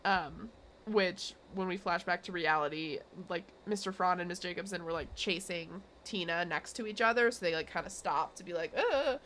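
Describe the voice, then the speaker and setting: A woman's voice: on the low side, normal speed, fairly bright tone. Young woman podcast host rambling through a recap, lots of likes and ums, faint hiss behind. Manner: rambling with many fillers and giggles. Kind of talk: casual episode recap chat.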